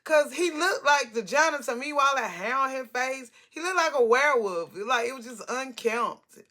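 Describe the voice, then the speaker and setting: A woman in her forties telling a casual storytime vlog, animated, talkative and blunt, with salty language. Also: high voice, normal speed.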